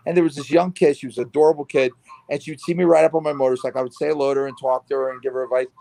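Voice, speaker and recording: A middle-aged man from New Jersey hosting a casual chat, telling stories in a lively way and acting out the voices of the people in them. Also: mid-range voice, very fast, gravelly. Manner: animated storyteller, acts out quoted voices. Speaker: host.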